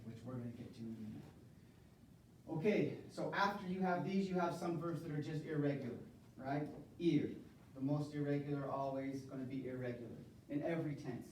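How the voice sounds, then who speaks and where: A man's voice: mid-range voice, dark tone, a little hiss or hum. A man teaching a university Spanish class, drilling verb conjugations with his students in a call-and-response lecture. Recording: echoey classroom from far off.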